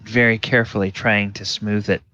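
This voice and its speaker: Low voiced dm narrating slow, lots of ums, dry dull lo-fi audio. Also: male voice, little pitch movement, sharp tone, no room sound. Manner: unhurried narration with fillers. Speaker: game master. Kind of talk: narrating a tabletop game.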